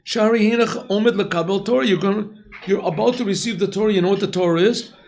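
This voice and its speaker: Male rabbi leading a Torah class, high voice with a gravelly edge, clears his throat often. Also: fast. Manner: alternates Hebrew text with English explanation. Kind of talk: Torah lesson. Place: yeshiva classroom.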